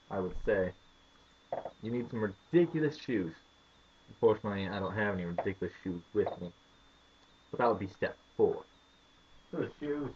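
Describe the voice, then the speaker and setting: A man's voice: fairly low pitch, breathy edge, dull audio. An American man in a joking home vlog, talking in a mock-serious, rambling way. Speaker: vlogger.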